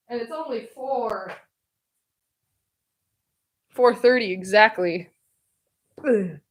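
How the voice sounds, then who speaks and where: A woman's voice: fairly high pitch, very slow, breathy edge. A woman live-streaming while drawing, chatting casually in a self-deprecating way and laughing often.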